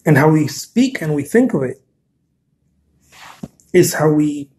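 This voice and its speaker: A man's voice: fairly high pitch, very animated, slow, mellow. Earnest man chatting on a live stream. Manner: chatty, repeats words, answers viewer comments; encouraging, earnest. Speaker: artist hosting a live stream. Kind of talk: casual live-stream talk.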